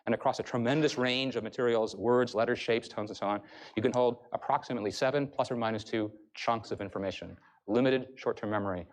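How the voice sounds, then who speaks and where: Male professor, quick lecture delivery, brisk explainer, average pitch. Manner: brisk, explanatory, addresses the audience. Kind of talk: university lecture. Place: lecture hall.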